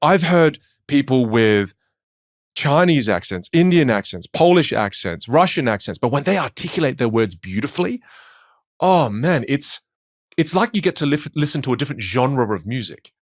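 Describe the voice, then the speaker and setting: A man with an Australian accent, a speech coach talking in a podcast interview with quick, emphatic storytelling. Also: mid-range voice, very animated, no echo, studio quality.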